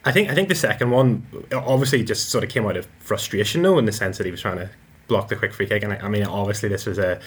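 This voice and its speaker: A man's voice: lowish voice, quick pace, slightly rough. A man analysing football matches on a podcast, often stumbling and repeating his words. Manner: hesitant, many repeated words. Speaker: football pundit.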